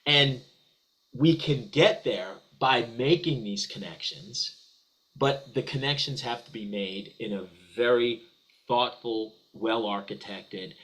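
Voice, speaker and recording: The recording is rough, carrying a man's medium-pitched, fairly bright voice. He's a guest on a business webinar, responding keenly in a chatty exchange marked by many restarts and repeated words.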